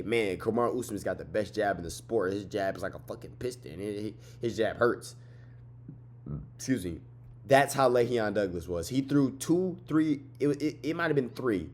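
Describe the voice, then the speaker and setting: A young man casually breaking down fights, excitable and profane, repeating himself, tired and yawning late at night. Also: fairly low pitch. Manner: excitable, swearing, repeats phrases, trash-talks. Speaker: MMA fight recap host.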